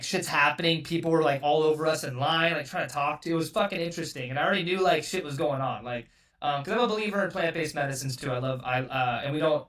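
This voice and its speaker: A man's voice: mid-range voice, fairly bright tone, recorded from a distance. A man from California telling a story as a podcast guest, loose and rambling, swearing often and filling every gap with "like". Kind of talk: casual storytelling.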